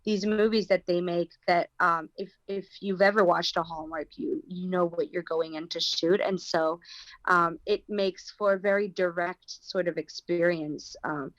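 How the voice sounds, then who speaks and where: A woman's voice: fairly low pitch, fairly even intonation, a little slow, no echo, lo-fi sound. An actress with an American accent, talking thoughtfully in an interview and searching for her words. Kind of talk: casual interview talk.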